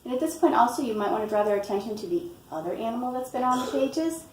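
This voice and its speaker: A woman reading a picture book aloud and explaining storytime tips in a patient way, often pausing with "um" and "you know". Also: on the high side, expressive, a little mellow, a little hiss or hum. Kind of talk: instructional read-aloud tutorial. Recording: roomy, from a distance, faint ambience.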